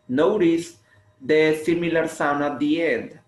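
A man leads an English lesson for children, drawing each word out so students can repeat after him. His voice sits a little high and moves at an unhurried pace. The recording sounds roomy, with a clear echo. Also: animated. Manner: slow, drawn-out, repeats words for students. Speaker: English teacher. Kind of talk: slow bilingual classroom lesson. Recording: echoey room.

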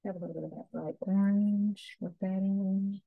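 A woman teaching a painting lesson, giving soft, unhurried step-by-step instructions. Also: medium pitch, fairly even intonation, gravelly, dry recording, narrow, tinny audio.

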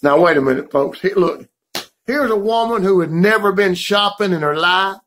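A folksy hobo comic, voiced by a man, speaks with a high voice. He rambles and shouts asides to his audience in a loud, hammy comedy style. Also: normal speed, slight background noise. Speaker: comedy show host. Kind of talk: hammy joke-of-the-day comedy bit.

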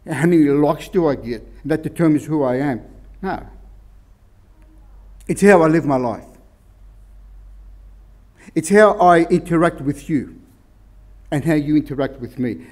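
Mellow-voiced man preaching casually. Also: on the high side, animated, a little slow, pauses often. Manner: informal, rambling, restarts often. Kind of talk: conversational sermon.

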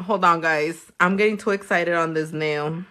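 A woman, a nail technician chatting loudly and crudely on a livestream while she works, teasing and laughing a lot. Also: on the low side, moderate pace. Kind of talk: casual livestream chat while doing nails. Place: her own room.

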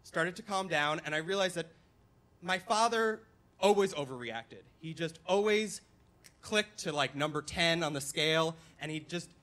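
A man's voice: a little high, moderate pace. A young man telling a funny personal story on stage at a live storytelling night. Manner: comic, animated retelling. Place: stage at a dance venue.

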